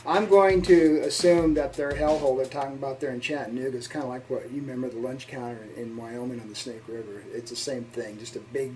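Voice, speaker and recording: A man's voice: mid-range voice, steady tone, fast talker, few pauses, a little mellow, distant mic, slight background noise, rough recording. A male co-host of a reaction video chatting in an easygoing, agreeable way, rambling a bit as he shares his own story. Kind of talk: casual reaction chat.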